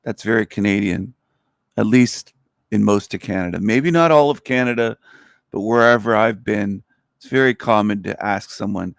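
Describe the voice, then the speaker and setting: A middle-aged man rambles bluntly through a casual livestream monologue, his voice low and gravelly with a crackle of fry. The sound is close and dry, with no room around it. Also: moderate pace, dry recording. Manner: blunt, rambling, crude and opinionated. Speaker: livestream host.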